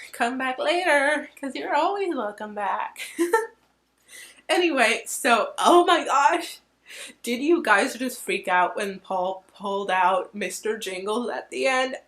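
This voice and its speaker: A woman's voice: medium pitch, animated, measured pace, fairly bright tone. A woman hosting her own channel, chatting casually and emotionally about a book, full of fillers and gushing asides. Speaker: book reviewer, channel host. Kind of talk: casual vlog chat.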